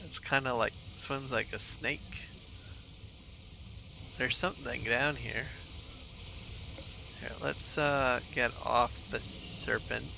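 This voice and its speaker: A man's voice: mid-range voice, steady tone, slow, gravelly, pauses often, noisy background. A man streaming a game live, chatting with viewers in a laid-back, rambling way while he plays. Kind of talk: casual live gameplay commentary.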